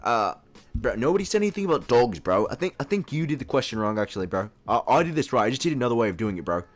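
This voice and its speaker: A man's voice: medium pitch, very animated, fast talker, soft background music, natural voice. A man voicing a defensive male teacher who insists he is right, repeating "bro".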